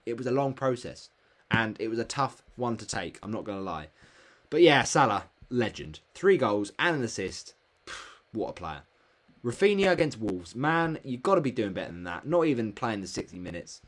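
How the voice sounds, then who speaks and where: A man's voice: mid-range voice, sing-song, moderate pace. A young man reviewing his fantasy football season, exclaiming and grumbling about players in casual solo commentary. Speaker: fantasy football channel host.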